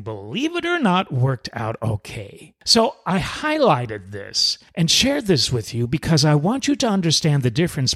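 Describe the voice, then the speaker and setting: A man's voice: medium pitch, fairly bright tone. A man, a former cruise director, hosting a self-help talk and telling a personal story, acting out the dialogue as he goes.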